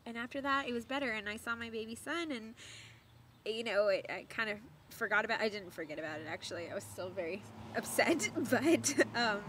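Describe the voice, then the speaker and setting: A young woman vlogger telling a story to camera in a chatty, animated way, laughing often and repeating words for emphasis. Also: fairly high pitch, a little fast, a little hiss or hum.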